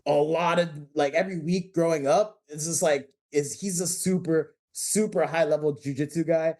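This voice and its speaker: A man as a podcast guest, telling stories in an animated way and swearing freely. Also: fairly high pitch, normal speed. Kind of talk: casual chat.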